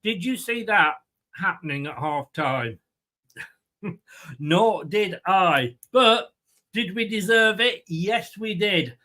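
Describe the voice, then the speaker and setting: High-voiced chatty man. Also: expressive, slow pace, pauses often, bright, forceful tone. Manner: chatty, rambling, reads viewer comments aloud. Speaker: host of a fan watchalong. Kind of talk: live watchalong chat.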